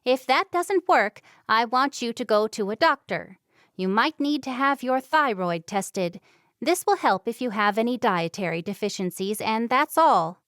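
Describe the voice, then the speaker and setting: A woman doing a brisk older healer woman. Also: a little high, expressive, fairly bright tone, dry recording, clean studio sound. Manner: brisk, matter-of-fact advice.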